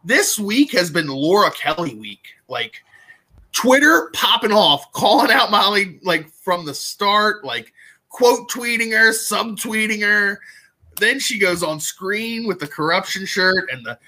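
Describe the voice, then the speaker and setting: A co-host on a casual livestream whose voice has a bright, sharp edge. The enthusiasm gushes out, with laughter breaking into the words. The delivery stays loose and unscripted. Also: medium pitch, animated, measured pace. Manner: enthusiastic, gushing, laughs mid-sentence.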